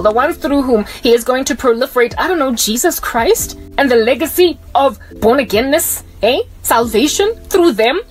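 A woman preaching a scolding video sermon in a fiery, sarcastic way. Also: on the high side.

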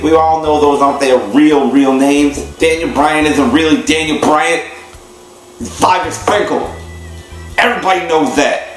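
A man guest hosting with an indignant, slangy comedic rant. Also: medium pitch. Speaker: guest host. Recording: very echoey room with music.

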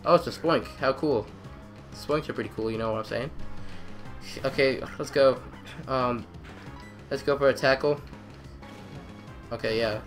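Excitable young man narrating gameplay. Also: mid-range voice, measured pace, long pauses, soft background music. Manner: excitable, trash-talking, repeats phrases. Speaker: gamer. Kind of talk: let's play commentary.

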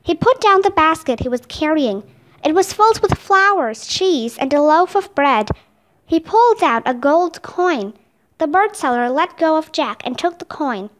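High, lively woman reading a story. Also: moderate pace. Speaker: storybook reader. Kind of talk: children's book read aloud.

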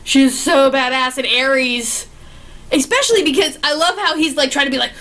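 Young woman gushing about a movie she loved, high voice, lots of restarts, super casual. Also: brisk. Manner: gushing and excitable, with many restarts. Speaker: movie reviewer. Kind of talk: casual spoken movie review.

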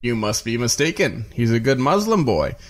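A man's voice: medium pitch, very animated, normal speed. A man voicing an earnest male imam who huffs back at rivals in an audiobook reading. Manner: earnest, huffing retorts. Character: earnest male imam, narrow-eyed and huffy.

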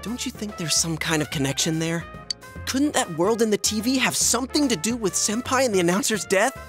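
Over music, a man voices a determined teenage schoolboy in a game, high-pitched, expressive, and brisk. He sounds urgent and earnest, thinking things through as he goes.

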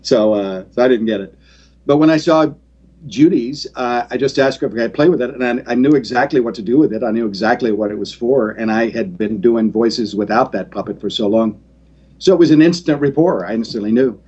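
A man from Texas, a guest ventriloquist, chatting in an interview over a video call and telling stories in a playful, animated way. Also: medium pitch, brisk, husky. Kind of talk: casual interview chat. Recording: dull lo-fi call audio.

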